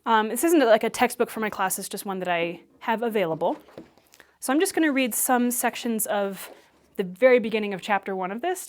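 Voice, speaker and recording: A woman Alexander Technique teacher who explains and demonstrates movement for public speaking in a clear, patient way. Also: medium pitch.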